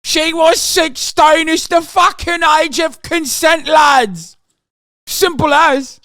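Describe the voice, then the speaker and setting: A high-pitched, mocking young British bloke, as a man puts him on, tossing off serious things as banter. His put-on British voice is loud and sneering, with a strangely different, strained tone. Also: fairly even intonation, slow, dry recording, full character voice. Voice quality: sneering, dismissive.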